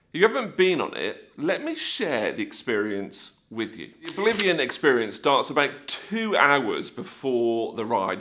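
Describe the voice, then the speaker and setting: Male church speaker, animated storyteller with a bright, sharp-edged voice that swings up and down freely. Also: mid-range voice. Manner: animated storyteller, acts out scenes with sound effects. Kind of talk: storytelling video talk.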